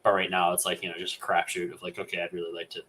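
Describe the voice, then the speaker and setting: A man co-hosting a gaming podcast, chatting casually with lots of fillers and lively retellings. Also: low voice, very fast, poor audio. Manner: rambling, many fillers, animated retelling. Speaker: podcast co-host.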